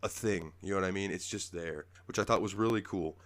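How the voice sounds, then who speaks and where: A man's voice: sits low, a little fast, dry recording. A man hosting a casual podcast, telling stories animatedly and slipping into character voices. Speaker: podcast host. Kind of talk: casual chat.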